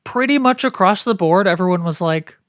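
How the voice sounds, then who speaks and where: A woman's voice: lowish voice, lively intonation, brisk, no echo. A woman co-hosting a podcast in casual chat, frank and emphatic and swearing freely, on a close mic. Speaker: podcast co-host.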